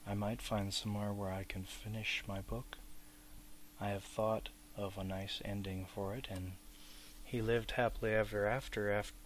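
A man reading an audiobook aloud, voicing a fussy, possessive elderly male hobbit in a higher, excitable voice that turns sharp and whispery. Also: moderate pace, slight background noise, close to an everyday voice. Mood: wistful.

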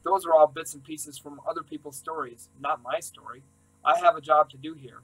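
A man reading a first-person novel aloud in an earnest, steady way. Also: a little high, brisk, soft background music, low-quality recording. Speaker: audiobook reader. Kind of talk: scripted narration.

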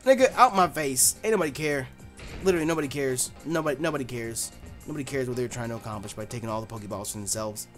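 A young man giving let's play commentary in a brash, profane, excitable way. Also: medium pitch, fast talker, soft background music. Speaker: gaming YouTuber.

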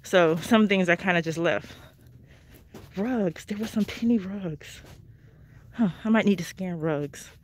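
A woman's voice: fairly low pitch, measured pace, pauses often. A woman hosting a chatty live shopping vlog on her phone, talking to viewers as she walks through a store. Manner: chatty, addresses viewers as y'all. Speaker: couponing vlogger. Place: inside a discount store. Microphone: phone held while walking. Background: faint store noise.

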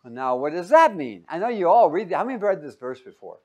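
Lively, jokey man preaching. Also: fairly high pitch, fast talker, highs cut off. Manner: jokey, asks the audience questions; lively, swings between loud and quiet. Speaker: Bible teacher. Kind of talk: sermon.

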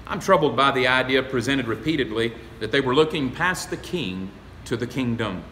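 A man preaching a sermon as pastor, folksy and emphatic, rising to loud exclamations. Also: mid-range voice, expressive, moderate pace, slight background noise. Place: church sanctuary. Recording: echoey, reverberant hall.

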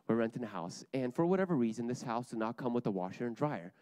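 A man's voice: mid-range voice, animated, quick pace, a little mellow, clear, resonant tone, no echo. A young man giving an earnest sermon to a church group, repeating his key lines for emphasis.

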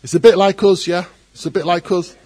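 A man preaching a sermon as pastor, animated, acting out quoted voices and adding joking asides. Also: high-pitched, fairly quick.

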